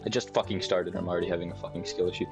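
With music in the background, a young man races through casual farming-game commentary in a deep, steady voice. He rambles, talks to himself, and swears a lot, recorded on a desk mic with a webcam.

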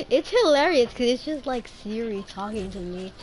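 A woman's voice: on the high side, darkish tone, a little hiss or hum. A woman chatting playfully and teasing while streaming a game. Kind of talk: casual gameplay chat.

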